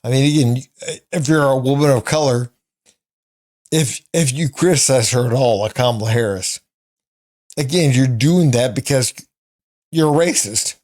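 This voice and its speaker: A man's voice: medium pitch, normal speed, a little mellow. A man giving casual commentary on clips, repeating and restating his points emphatically. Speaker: online commentator.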